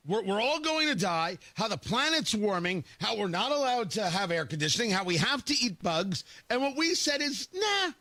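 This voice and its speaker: A man hosting a morning talk radio show with a high, bright, lively voice that swings up and down. He is sarcastic and opinionated, slipping into mocking quotes. The studio sound is dry and close. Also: no echo. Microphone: studio microphone.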